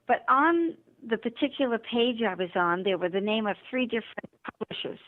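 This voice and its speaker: A woman's voice: a little high, a little fast, hardly any pauses. A woman guest, an author and motivational speaker, telling her story in an interview and acting out the dialogue. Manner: animated, acts out quoted dialogue. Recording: tinny phone line.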